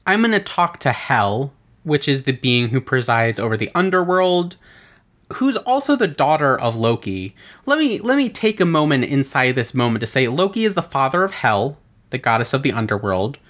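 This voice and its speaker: This is a podcast host walking through a tabletop character build, their pitch leaping around as they talk. They drift into an exasperated, rambling retelling of the myth behind the character, full of quick asides and casual swearing. The voice sits in a middle register. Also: sing-song, fairly bright tone. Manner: casual swearing and filler words.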